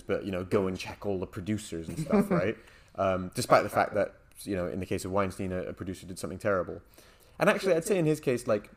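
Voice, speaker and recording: A man co-hosts a casual discussion, reasoning out loud through moral questions. His voice sits fairly low, and he pads his points with fillers and qualifiers as he works them out. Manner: thoughtful, hedging, frequent "like" and "um". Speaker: podcast co-host.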